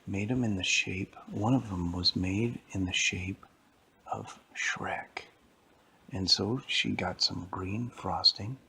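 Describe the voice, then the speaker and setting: A man telling an improvised bedtime story to a child, in a hushed, half-whispered voice. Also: fairly low pitch, vocal fry, breathy edge.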